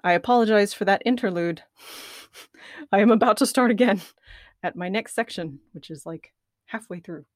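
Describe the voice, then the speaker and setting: A woman's voice: mid-range voice, normal speed, long pauses, no echo, clean studio sound. Giggly, self-mocking woman podcast host. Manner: self-deprecating, giggly, restarts often. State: nervous, dry mouth. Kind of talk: casual recording outtakes, self-commentary. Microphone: studio microphone at a computer.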